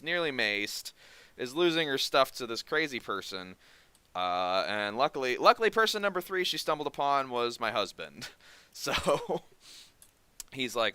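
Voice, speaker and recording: A man's voice: medium pitch, sharp tone, smooth, no echo. A man hosting a podcast, telling a long story in a rambling way, often restarting his sentences. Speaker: podcast host. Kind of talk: casual podcast chat.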